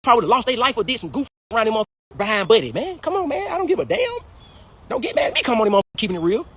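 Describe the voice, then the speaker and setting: A man's voice: very high-pitched, big pitch swings, crowd noise. A man in a profane, heated casual rant, calling people out over and over. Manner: profane, fast, repetitive calling-out.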